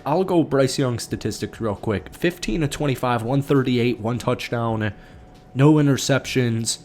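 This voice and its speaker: Hyped-up young man rushing through football clips. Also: medium pitch, a little hiss or hum. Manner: excited, hurried, hyped-up. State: a little out of breath. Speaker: sports channel host. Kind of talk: fast rapid-reaction football commentary.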